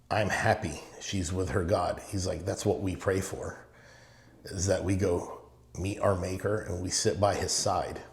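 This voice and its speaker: With slight background noise and roomy echo in the studio, a middle-aged Middle Eastern man talks in a low, creaky voice. He's a real estate owner guesting on a podcast, telling stories emphatically and repeating short phrases in a casual interview.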